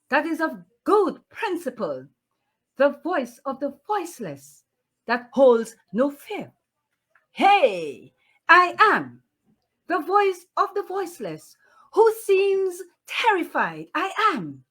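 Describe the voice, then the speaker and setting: Slow, animated woman poet. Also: sits high. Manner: slow, lively, declamatory reading with repeated refrains. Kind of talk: casual interview and poetry recitation.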